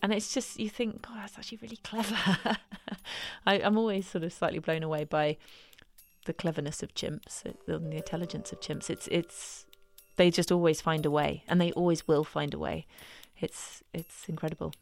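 A woman recounting her fieldwork with a lower, steady voice. She tells it as a lively story and jumps up in pitch when acting out quoted lines. Her delivery is casual and animated. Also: normal speed, gravelly. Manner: animated, acts out quotes in a higher voice. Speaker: wildlife filmmaker interviewee. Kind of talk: conversational storytelling.

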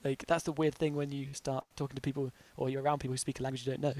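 A man's voice: mid-range voice, little pitch movement, racing, darkish tone. A man co-hosting a podcast in casual chat, enthusiastic and giggly with lots of fillers. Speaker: podcast co-host.

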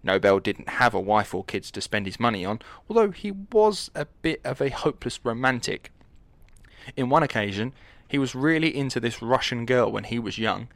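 A man's voice: medium pitch, lively intonation, moderate pace, a bit bright, no room sound. A young man co-hosting a podcast in casual, jokey chat, rambling and acting out quoted lines. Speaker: podcast co-host.

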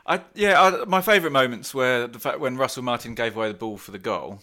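Guy on a footy podcast, bright sharp voice, keeps going um and restarting. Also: medium pitch, fast talker. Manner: hesitant, lots of ums and restarts. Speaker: podcast co-host. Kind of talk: casual banter.

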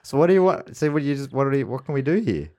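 A man hosting a casual podcast, explaining the topic in a relaxed way with fillers. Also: mid-range voice, rapid-fire. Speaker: podcast host. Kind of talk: casual chat.

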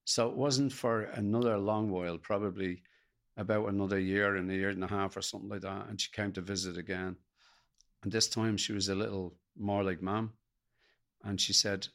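A man's voice: lowish voice, fairly even intonation, normal speed, a bit bright. An older man with an Irish accent, telling his life story as a guest in an interview, earnest and reflective. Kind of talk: personal storytelling in a podcast interview.

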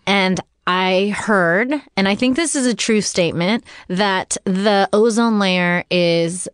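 A woman's voice: mid-range voice, slow, clean tone, dry recording, studio quality. A woman guest chatting casually, telling stories with lots of fillers and frequent laughs. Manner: laughs often, lively storytelling with fillers. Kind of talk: casual chat.

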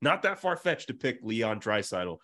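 Lively man hosting a sports podcast. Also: mid-range voice, normal speed. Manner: animated, playful devil's-advocate banter. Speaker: podcast host. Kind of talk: casual sports podcast chat.

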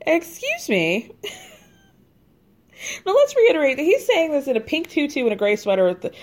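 A woman hosting a podcast who gives a casual, chatty recap, telling the story in an animated way, swearing freely and laughing at her own asides. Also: high-pitched, a little fast, long pauses. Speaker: podcast host recapping a reality show.

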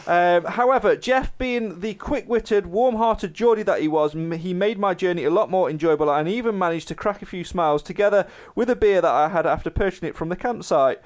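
A man co-hosting a podcast in a relaxed, chatty way. His voice sits fairly high, and he trips over his words now and then as he reads a post aloud. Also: brisk, few pauses. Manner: chatty, stumbles over words while reading. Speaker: podcast co-host. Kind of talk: casual chat and reading aloud.

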